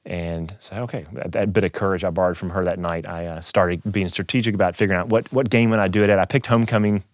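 Middle-aged man, animated storyteller, quick delivery, close dry mic. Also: deep voice, dry recording. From Kentucky, USA. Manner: animated storyteller who acts out quoted voices. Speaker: keynote speaker, guitarist. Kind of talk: casual storytelling interview.

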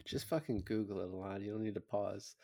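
A man's voice: on the low side, brisk, gravelly, warm tone. A man co-hosting a film podcast, retelling scenes in a loose, casual way with lots of fillers and the odd swear word. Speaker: podcast co-host. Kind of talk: casual chat.

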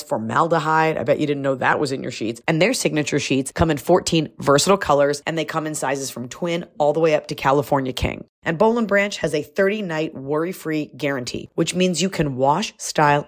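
A woman podcast host reading sponsor ads in a breezy, conversational way. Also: sits low. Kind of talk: host-read advertisement.

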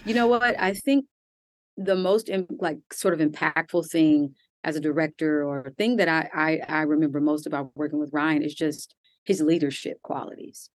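Low-voiced actress, lively and laughing. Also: female voice, normal speed, dry recording. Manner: animated, laughs often, many "like" fillers. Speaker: actress guest. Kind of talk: casual interview answers.

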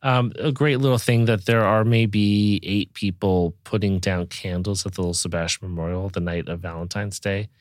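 A man's voice: low voice, steady tone, normal speed, few pauses, no echo, clean studio sound. A man hosting a podcast in casual chat, musing enthusiastically and reading out a synopsis. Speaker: podcast host.

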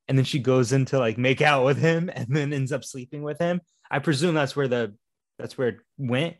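A man's voice: mid-range voice, moderate pace, no echo. A man co-hosting a casual movie review podcast, rambling with lots of fillers. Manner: rambling, filler-heavy, laughs along. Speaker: podcast co-host.

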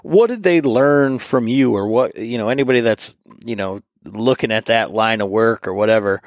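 A man's voice: fairly low pitch, normal speed, no room sound, studio quality. A man hosting a podcast, asking a question with hesitant fillers. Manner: hesitant, lots of fillers while forming a question. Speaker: podcast host. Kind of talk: interview questions.

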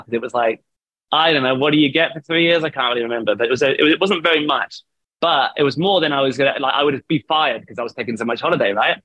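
A man's voice: medium pitch, quick pace, fairly bright tone, dry recording, dull audio. A man telling a long, rambling story in a casual interview over a video call, laughing often and swearing. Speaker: band vocalist, guest.

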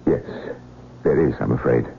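Brief: a hesitant, formal foreign doctor for radio drama, very low and gravelly, tinny hissy broadcast. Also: male voice. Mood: troubled. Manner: halting, formal speech without contractions. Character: earnest foreign-born male town doctor. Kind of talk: 1970s radio drama acting. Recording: tinny narrow broadcast with faint hiss.

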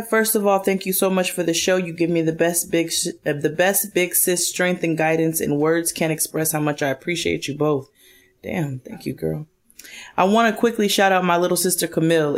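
A woman co-hosting a podcast, playfully reading listener emails aloud and joking around. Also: fairly low pitch. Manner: playful, laughs often, jokes while reading. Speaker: podcast co-host.

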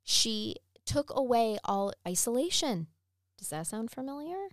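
A woman's voice: on the high side, very animated, unhurried, no room sound, studio quality. A woman hosting a podcast, telling a true crime story in a blunt, chatty way and swearing freely. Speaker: podcast host.

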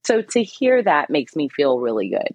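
A woman's voice: deep voice, very animated, moderate pace, a little mellow, slightly rough, dry recording, lo-fi sound. A woman guest on a podcast, a psychic medium talking candidly and casually, laughing often and swearing now and then.

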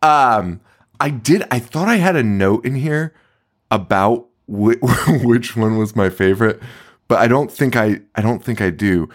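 A man's voice: medium pitch, lively intonation, unhurried. Profane laughing man chatting a movie. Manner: profane, laughing, acts out quotes. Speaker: podcast co-host. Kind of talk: casual chat reviewing a movie.

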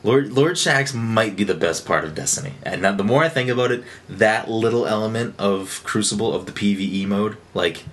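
A man co-hosting a podcast in casual chat, rambling and excitable with lots of fillers and restarts. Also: lowish voice, normal speed, few pauses. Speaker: podcast co-host. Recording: faint background noise.

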